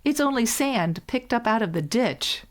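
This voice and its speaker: A woman's voice: on the high side, animated, normal speed, voice pushed up, close to an everyday voice. A woman reading a fairy tale, voicing two proud young brothers who mock their sibling. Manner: mocking, superior.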